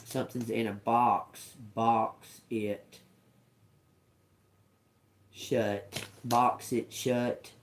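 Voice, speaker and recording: A man reading tarot cards for his viewers, taking his time and turning each word over slowly. He repeats phrases as he goes and calls his listeners y'all. A faint hiss of noise sits under his voice. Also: mid-range voice, little pitch movement, rough recording. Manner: slow, musing, repeats words as he reads cards. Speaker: tarot reader.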